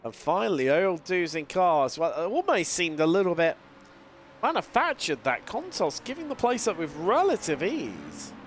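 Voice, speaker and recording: Man, sim racing commentator, slightly high voice, lingering cold, lively play-by-play, loud car engine noise underneath. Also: moderate pace. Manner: lively play-by-play, fillers, restarts mid-sentence. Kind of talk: live race commentary. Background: racing car engine sounds.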